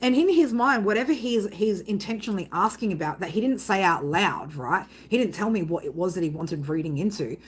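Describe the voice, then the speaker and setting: A woman's voice: mid-range voice, lively intonation, brisk, few pauses, husky. A woman, a psychic tarot reader, telling a story to her viewers in a rambling, blunt way, swearing freely and tagging lines with "right?".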